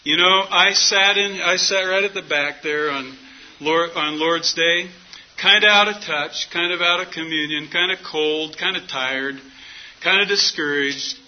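Middle-aged male preacher, folksy storyteller, slightly high voice, dull lo-fi recording. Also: measured pace. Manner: folksy storytelling, acts out quoted dialogue. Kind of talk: sermon with personal story. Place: church meeting hall. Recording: muffled lo-fi sound.

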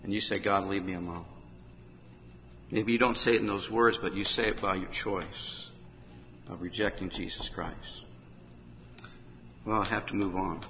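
A man preaching an urgent revival sermon in a large hall, rising to shouts at the climaxes. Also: low voice, steady tone, normal speed, long pauses. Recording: dull, echoey hall with faint noise.

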